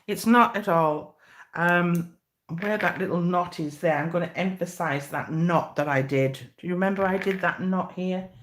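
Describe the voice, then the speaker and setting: A woman's voice: fairly low pitch, moderate pace. A middle-aged woman giving a live cake decorating demonstration, chatty and encouraging with many fillers.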